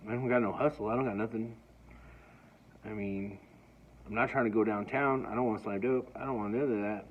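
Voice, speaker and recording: A man's voice: fairly low pitch, slight background noise. A man telling a personal story in a casual, rambling way, often stammering and restarting. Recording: dull lo-fi recording.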